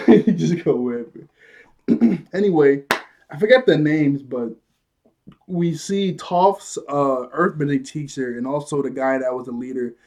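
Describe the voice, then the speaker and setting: A man giving a loose, casual recap of a cartoon episode, chatty and quick to laugh. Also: fairly high pitch, dark tone. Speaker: show reviewer.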